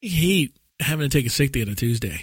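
Animated, dry-voiced male podcast host. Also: mid-range voice, fast, slightly rough, no echo. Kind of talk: casual chat.

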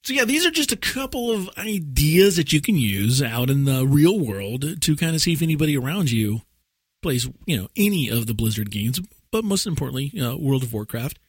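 A man's voice: on the high side, sing-song, a little fast, slightly rough, no echo, studio quality. A man co-hosting a podcast in casual chat, playful and rambling, laughing often as he tells stories. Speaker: podcast co-host.

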